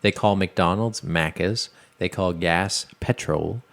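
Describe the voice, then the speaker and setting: A man with a deep, low-pitched voice co-hosts a casual podcast. He rambles along in loose chat and often restarts his sentences. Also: slow pace, vocal fry, fairly bright tone. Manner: rambling and chatty, with frequent restarts. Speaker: podcast co-host.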